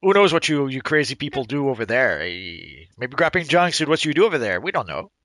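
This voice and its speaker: A man's voice: mid-range voice, sing-song, a little fast, noisy background. Hesitant man with a Quebec French accent. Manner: hesitant, lots of uh and restarts, dry teasing. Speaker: stream host. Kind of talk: casual live-stream chat.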